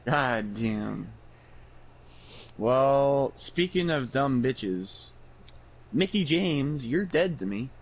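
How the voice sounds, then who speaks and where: Podcast guy, mid pitched voice, blunt and sweary, just venting. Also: lively intonation, extremely slow, long pauses, dull audio. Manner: blunt, profane ranting. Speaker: podcast co-host. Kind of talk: casual podcast chat.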